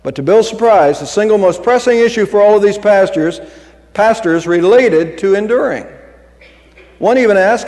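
Earnest pastor preaching in a reverberant church. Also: male voice, sits high, moderate pace, a little mellow. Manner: earnest, conversational preaching with restarts. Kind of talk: sermon. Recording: long hall reverb.

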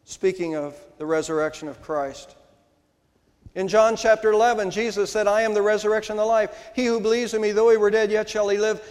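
An older man, a pastor, preaching an Easter sermon in a church, with emphatic rises and slow, stressed words. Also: high voice, steady tone. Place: church sanctuary. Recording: long hall reverb.

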